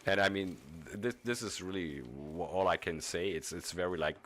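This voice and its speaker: A man's voice: deep voice, moderate pace, fairly bright tone, slight background noise. A man from Germany chatting casually while streaming a video game, rambling with chuckles and frequent restarts. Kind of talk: casual gaming stream commentary.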